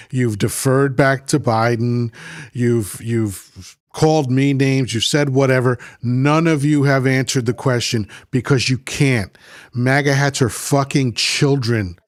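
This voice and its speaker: A man's voice: mid-range voice, no room sound. A man hosting a livestream, reading chat comments aloud and arguing with them in a combative, mocking way, often repeating himself. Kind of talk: heated political rant.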